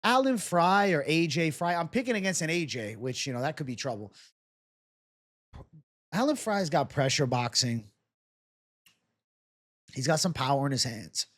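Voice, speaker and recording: This young man, an MMA betting analyst, has a fairly high, sing-song, fairly bright voice. On his own show he casually breaks down fight predictions and odds, talking fast, joking, and swearing along the way.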